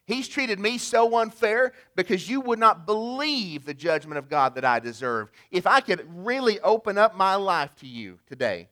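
A man's voice: high-pitched, big pitch swings, moderate pace, hardly any pauses, sharp tone. A man preaching a sermon in a conversational way, asking the congregation rhetorical questions. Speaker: pastor.

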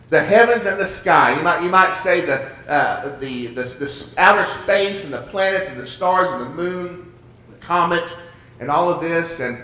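A man's voice: on the high side, pushed and bright. A male pastor preaching a sermon, emphatic, with frequent restarts and repeated words. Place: church sanctuary. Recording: echoey room, voice from far off.

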